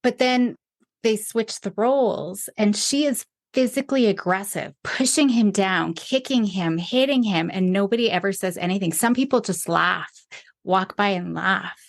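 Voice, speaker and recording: A woman's voice: medium pitch, moderate pace. A woman podcast host telling a story in an earnest way, choked up with emotion. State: tearful, emotional. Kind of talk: casual conversation.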